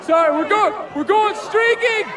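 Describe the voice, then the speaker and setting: An actor playing an excitable middle-aged man at a party who swings from sheepish politeness to shouting wildly. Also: very high voice, normal speed, heavy background noise. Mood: wild excitement. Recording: film clip with party music and crowd.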